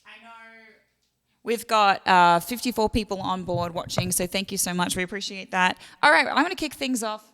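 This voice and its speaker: A woman's voice: medium pitch, normal speed, fairly bright tone, clean tone. Chatty Australian woman, reverberant room. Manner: chatty, thanking tippers by name. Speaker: singer hosting a livestream concert. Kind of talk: casual chat to online viewers. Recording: long reverb with instrument music.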